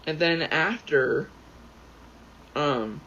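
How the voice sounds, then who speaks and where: A man rambling excitably as he plays a game, swearing freely and often going off on tangents. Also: on the high side, extremely slow. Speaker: gaming YouTuber. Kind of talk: casual commentary while playing. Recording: dull lo-fi sound with faint background noise.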